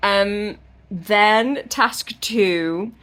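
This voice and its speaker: A woman's voice: medium pitch, drawn-out words, fairly bright tone. Chatty irreverent woman vlogger. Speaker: book vlogger. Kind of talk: casual plot recap.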